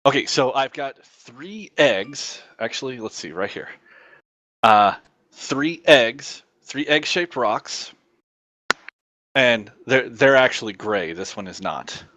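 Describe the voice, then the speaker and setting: Halting male tabletop player, dry sound. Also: mid-range voice, lively intonation, sharp tone, dry recording. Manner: halting, repeating words. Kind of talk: tabletop game role-play.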